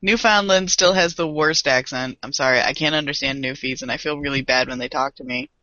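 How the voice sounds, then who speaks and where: A podcast co-host chatting casually, animated and self-deprecating, laughing often. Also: medium pitch, fairly quick, dry recording. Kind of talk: casual chat. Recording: dull lo-fi podcast audio.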